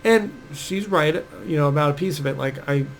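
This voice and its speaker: A man's voice: fairly high pitch, moderate pace, slight background noise, low-quality recording. A man giving casual dating advice, chatty and full of fillers, acting out quoted speech as he goes. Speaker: dating coach.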